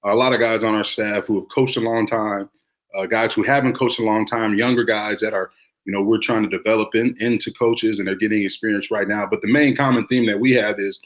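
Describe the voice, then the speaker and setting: A man who coaches high school football, talking in a relaxed, reflective way with many fillers on a sports podcast. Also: brisk. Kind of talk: casual sports talk.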